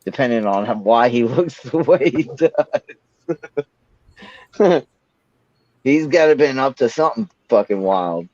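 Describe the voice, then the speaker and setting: A man's voice: mid-range voice, a little slow, long pauses, no echo, muffled recording. A man chatting on a podcast, telling stories full of swearing. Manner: profane, animated storytelling. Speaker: podcast co-host. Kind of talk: casual chat.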